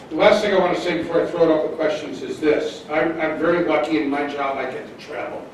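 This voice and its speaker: A man's voice: fairly high pitch, a little hiss or hum. An older man from Minnesota, a public defender giving a blunt, folksy talk to an audience in a hotel function room. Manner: folksy, blunt storyteller with punchy asides. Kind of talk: lecture to a live audience. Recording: echoey room, speaker far from mic.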